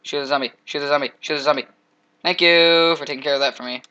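A young man giving casual, jokey commentary while playing a game, trash-talking monsters with sudden loud outbursts. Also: on the high side, steady tone, fast talker, clean tone, lo-fi sound. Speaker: gameplay commentator.

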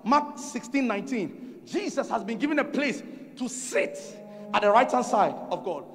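Preaching a conference sermon in a large hall, a Ghanaian-accented man speaks at a normal speed in a very high-pitched, very animated voice. He drives his message home by repeating himself emphatically and engaging the congregation in call-and-response. Faint music plays behind him in the reverberant space.

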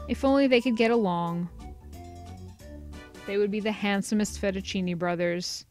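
A woman giving casual, chatty commentary over a video game playthrough, sarcastic and swearing freely. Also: mid-range voice. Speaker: let's play commentator. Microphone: desk USB headset mic.

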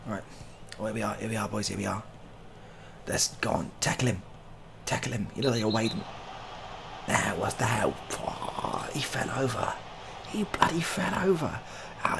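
A young man with a low, gravelly voice calls out over a football game he is playing, cheering and grumbling as it unfolds. A faint hiss of room noise sits underneath. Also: moderate pace. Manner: excitable, cheering on the players. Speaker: gaming YouTuber. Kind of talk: live game commentary.

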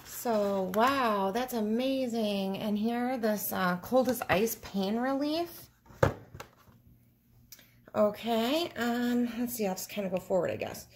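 A middle-aged woman vlogging casually, excitable and gushing, often giggling, first from a car at night, then at a table indoors. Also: fairly high pitch, takes it slowly, slight background noise. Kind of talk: casual vlog chat.

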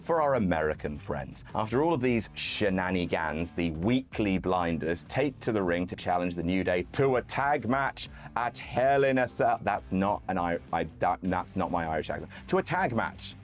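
A man's voice: low-pitched, big pitch swings, normal speed, hardly any pauses, faint music behind. A man giving scripted, wryly humorous narration as a wrestling commentator. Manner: wry, dry humor.

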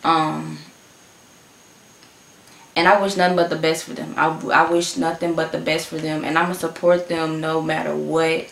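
A woman's voice: sits low, little pitch movement, moderate pace, vocal fry, reverberant, a little hiss or hum. A woman hosting a reaction video, talking casually and emotionally, often repeating herself.

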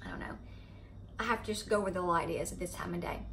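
Southern woman, middle-aged, bright tone, animated storytelling, faint hiss behind. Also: lowish voice, quick pace. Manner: chatty, animated retelling of a scary event. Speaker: vlogger. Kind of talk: casual storytelling to camera. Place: home, indoors.

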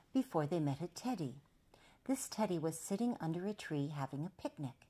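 A woman storyteller reading a children's picture book aloud. Her voice rises and falls in a lively, sing-song way. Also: sits low, normal speed.

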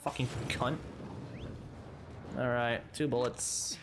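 Male let's-player, lively pitch, slow drawl, swears at enemies, game noise behind. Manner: swearing, exasperated, talks to enemies. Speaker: let's play gamer. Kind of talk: casual gameplay commentary.

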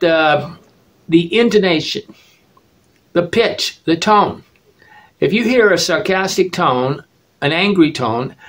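Rambling opinionated American man. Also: a little high. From United States. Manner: opinionated, rambling with frequent restarts and "okay?" checks. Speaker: travel vlogger. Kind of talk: casual spoken monologue.

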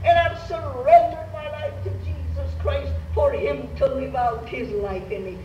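An older woman preaches in a high, melodic voice that rises and falls widely, taking her time over each phrase. She urges the congregation to repeat after her. The recording is distant and roomy with a faint hiss. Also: animated, a little slow, mellow. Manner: emphatic, urging the congregation to repeat phrases aloud. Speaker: Pentecostal Bible teacher. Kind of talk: sermon. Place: church meeting. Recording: roomy church hall, recorded from afar, faint noise.

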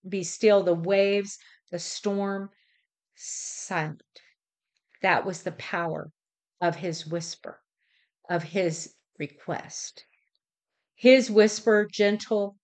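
A middle-aged woman hosting a devotional, reading in a measured, deliberate way and sometimes correcting herself. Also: mid-range voice. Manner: measured, deliberate delivery with occasional self-corrections. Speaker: devotional host.

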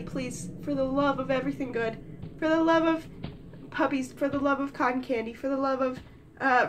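Female let's play host, high-pitched, dramatic and exasperated, talks to viewers over loud game music. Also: low-quality recording. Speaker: gaming YouTuber. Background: video game music.

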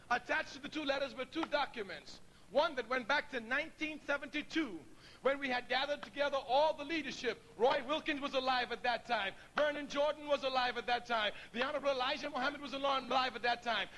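A man's voice: very high voice, brisk, bright, forceful tone, a little hiss or hum, rough recording. A middle-aged man giving a public speech to an audience, telling stories, laughing often and acting out the voices of people he quotes. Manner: storytelling, laughs often, acts out quoted dialogue. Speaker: speaker addressing an audience.

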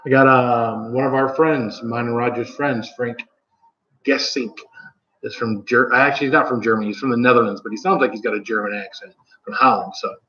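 This time the Michigan host sounds brisk and sharp, his medium pitch steady, as he rambles on his casual live stream with plenty of ums and self-corrections. It's roomy, slightly dull home audio with slight background noise.

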